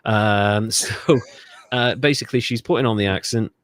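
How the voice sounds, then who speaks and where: A man's voice: fairly low pitch, steady tone, normal speed, a bit bright. A man from Britain co-hosting a history podcast, telling the story in a sardonic, profane, rambling way. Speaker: podcast co-host. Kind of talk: casual podcast chat.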